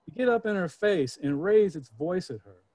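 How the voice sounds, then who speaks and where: A man's voice: high-pitched, lively intonation, moderate pace, mellow, no room sound. A man reading his speculative poetry aloud with dramatic, rhythmic delivery. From Georgia, US. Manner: dramatic, rhythmic recitation with character voices. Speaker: poet.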